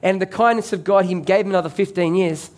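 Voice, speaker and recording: A man's voice: high voice, steady tone, quick pace, darkish tone. A man preaching a sermon as pastor, conversational and joking with the congregation.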